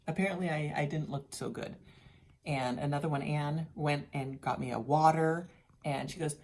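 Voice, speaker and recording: This tired middle-aged vlogger talks casually and candidly about her health journey, restarting often and sounding worn out. Her low-pitched, darkish voice moves at a moderate pace.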